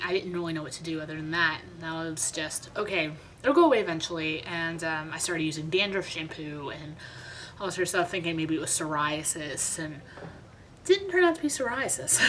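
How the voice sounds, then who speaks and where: A woman's voice: on the low side, fairly bright tone, slight background noise, low-quality recording. A young woman vlogger telling a story in a chatty, dramatic, self-mocking way. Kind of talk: casual storytime vlog.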